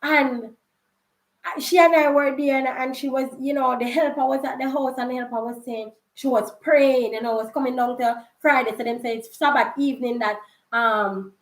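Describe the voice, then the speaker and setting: Chatty Jamaican woman in an echoey room. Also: sits high. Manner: chatty, laughing, slips into patois. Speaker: vlogger. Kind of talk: casual storytelling vlog. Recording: roomy echo.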